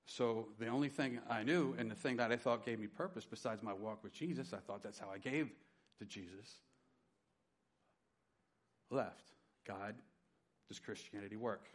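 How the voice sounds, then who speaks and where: A middle-aged man preaching a sermon, telling his personal testimony with dynamic swings from loud emphasis to quiet. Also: lowish voice, moderate pace, pauses often. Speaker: pastor.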